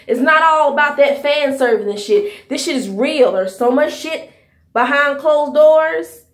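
A woman in her thirties vents in a fiery, profanity-laced commentary, scolding her listeners as she goes. Her voice sits high and leaps about wildly. It rings in an echoey room. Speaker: podcast host. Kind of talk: angry commentary rant.

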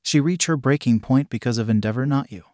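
A man voicing a devoted male hero guardian in a storybook reading, soft and reassuring. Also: medium pitch, a little fast, no echo, studio quality, lightly acted. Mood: tender.

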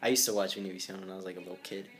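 A man's voice: low-pitched, steady tone, rapid-fire, a bit bright. A young man and father talking casually to his camera at home in a loose, chatty way, swearing freely. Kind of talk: casual vlog chat to camera.

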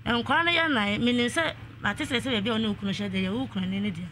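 A woman's voice: on the high side, very fast, a bit bright, a little hiss or hum. A woman calling in to a radio show, telling a long family dispute and quoting what others said. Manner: long narration with quoted speech. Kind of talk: radio call-in storytelling.

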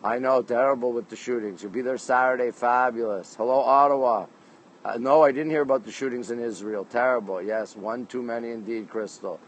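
A man's voice: mid-range voice, steady tone, brisk, muffled recording, slight background noise. Chatty man greeting viewers from a rooftop. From Canada. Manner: chatty, greets viewers by place name, reads comments aloud. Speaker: livestream host. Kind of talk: casual livestream greetings to viewers. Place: outdoor rooftop deck in a city at night.

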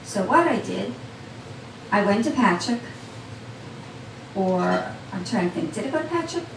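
A woman's voice: medium pitch, animated, unhurried, vocal fry, a little hiss or hum. Chatty woman, distant and roomy. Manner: chatty, talks straight to the audience. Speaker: storyteller. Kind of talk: personal storytelling to a live audience. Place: small cafe event. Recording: roomy sound from a distant mic.

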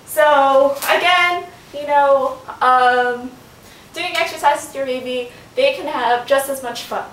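A vlogger films a casual home workout in her bedroom, chatting as she exercises and growing out of breath. She speaks slowly in a fairly bright voice, cooing to her baby in a sing-song way. The audio is roomy and distant, with a faint rumble.

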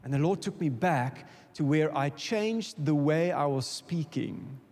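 A South African man preaches with an impassioned drive, his voice sitting a little high for a man. He calls out to the congregation and repeats words as he gathers steam. A long reverb from the church hall trails every line. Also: lively intonation, unhurried, a little mellow. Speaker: guest preacher. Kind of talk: sermon.

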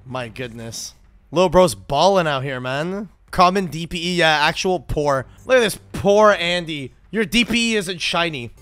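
A young man streaming a card game, reacting loudly, swearing often and talking to his chat. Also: fairly high pitch, expressive, measured pace, clear, resonant tone, no echo, soft background music. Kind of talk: game livestream commentary.

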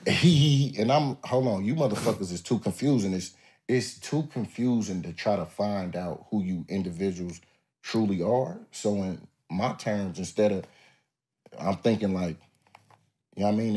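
Laid-back, profane man with a low voice. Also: warm tone. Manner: laid-back, profane, drawling storyteller who acts out others. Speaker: podcast guest. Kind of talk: casual interview storytelling.

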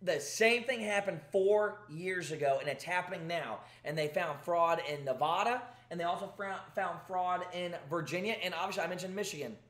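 Male commentary host, emphatic and exasperated, high-pitched, echoey room. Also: normal speed, few pauses, a bit bright. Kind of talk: ranting commentary.

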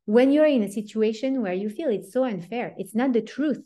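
A woman with a French accent teaching an informal online class over a video call, chatty and animated, often breaking into laughs. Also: fairly high pitch, a little fast. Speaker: teacher of a weekly Torah class.

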